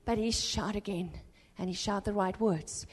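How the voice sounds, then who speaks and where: A woman preacher giving an impassioned sermon in a church, swinging between urgent exhortation and hushed storytelling. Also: medium pitch, normal speed, breathy edge, in a large hall.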